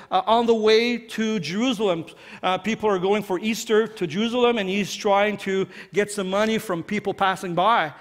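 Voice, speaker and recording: A man's voice: high voice, big-room sound. A man giving a sermon as a pastor, talking earnestly and conversationally with many restarts. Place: church sanctuary.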